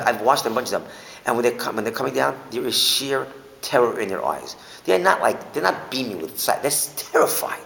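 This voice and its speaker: Animated man teaching a Torah class. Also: fairly low pitch, creaky. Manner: animated, asks rhetorical questions and restates points. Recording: echoey hall with faint hiss.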